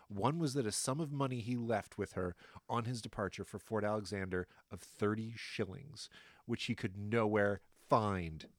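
A man reading aloud the testimony of a stern male colonial judge, in his own deliberate voice with no put-on accent. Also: fairly low pitch, no room sound.

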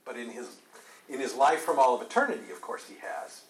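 A man's voice: medium pitch, animated, brisk, slight background noise, poor audio. Earnest man teaching a Bible study. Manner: earnest, asks rhetorical questions, repeats phrases.

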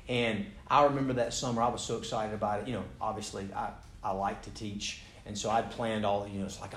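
Animated American man telling a sermon story. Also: on the low side. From United States. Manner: animated, self-deprecating humor. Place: room with a live audience. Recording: roomy hall sound, faint background noise.

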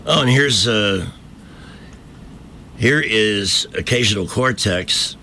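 Deep, bright-toned sarcastic radio host man. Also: lively intonation, slow, a little hiss or hum. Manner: combative, sarcastic, mocking. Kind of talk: opinionated talk radio commentary. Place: radio studio.

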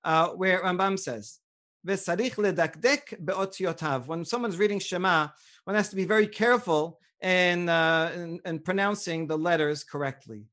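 A middle-aged man, a rabbi, lecturing on Jewish law, reading Hebrew sources aloud and explaining them in a measured way. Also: high-pitched, fairly bright tone. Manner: measured and explanatory, with frequent uh fillers.

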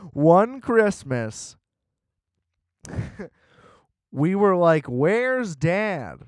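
A man's voice: sits high, sing-song, drawn-out words, pauses often, no room sound, clean studio sound, voice pushed up, exaggerated voice. A man mocking a bitter young woman. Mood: rambling. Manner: mocking exaggerated retelling. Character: bitter young woman who hates Christmas.

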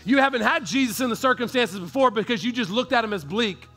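A man preaching a sermon as pastor, with a high, bright, ringing voice and faint music under him. He talks in an easy, slangy way and swells from hushed storytelling into loud, fervent preaching. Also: fast, few pauses.

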